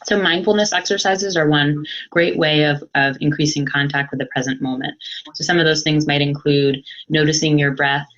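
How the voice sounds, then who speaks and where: A woman psychologist giving an educational webinar talk in a calm, explanatory way, pausing often as she thinks. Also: low voice, lo-fi sound. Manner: calm, explanatory, hesitant with pauses. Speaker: psychologist presenter. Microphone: computer mic on a video webinar.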